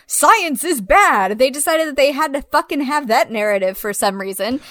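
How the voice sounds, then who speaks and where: Woman co-host, high pitch, dry close sound, blunt, sarcastic, profane film critique. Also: lively intonation, brisk, no room sound. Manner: blunt, sarcastic, swears often. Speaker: podcast co-host. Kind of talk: casual film review chat.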